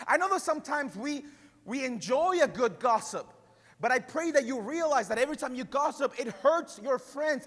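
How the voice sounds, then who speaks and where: A pastor with a Spanish-influenced English accent preaching a passionate sermon, building to shouts with conversational asides. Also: male voice, extremely high pitch, in a large hall.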